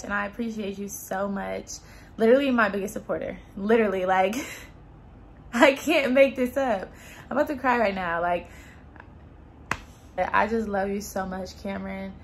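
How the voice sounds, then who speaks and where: A woman's voice: medium pitch, fairly bright tone, slight background noise. Woman vlogger, casual chat, gushing, repeats herself, talks right to the camera. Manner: effusive and repetitive, talks straight to viewers. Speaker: YouTuber hosting her own channel.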